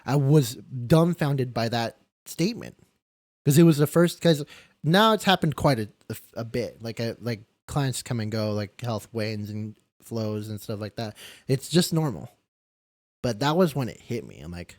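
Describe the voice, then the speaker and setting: A young man recounts a hard story at work in a candid, emotional ramble, stumbling over his words and swearing now and then. His voice sits at an everyday middle pitch and is captured dry and close on the mic, with no room sound. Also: expressive, a little slow, darkish tone, dry recording. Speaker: caregiver and podcast guest. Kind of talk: candid storytelling in a live-streamed interview.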